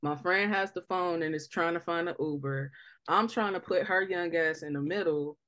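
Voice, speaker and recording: A woman's voice: on the low side, normal speed, a bit bright, dry recording. A young woman hosting a podcast in casual chat, telling stories bluntly with lots of slang. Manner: blunt, slangy, emphatic storytelling. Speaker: podcast host.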